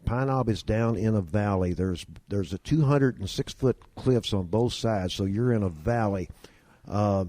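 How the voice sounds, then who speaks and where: A man's voice: on the low side, a little slow, dark tone, dry recording. A man, telling folksy stories as a guest and doing the voices of the people in them. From Kentucky. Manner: drawling yarn-spinner doing voices of people in his stories. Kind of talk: folksy storytelling.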